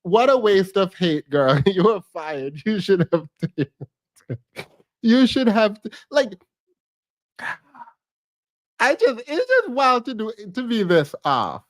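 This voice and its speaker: Animated high-voiced man reacting, laughing. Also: takes it slowly, long pauses. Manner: laughs often, repeats phrases, playful teasing. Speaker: streamer reacting to a clip. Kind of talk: casual reaction commentary.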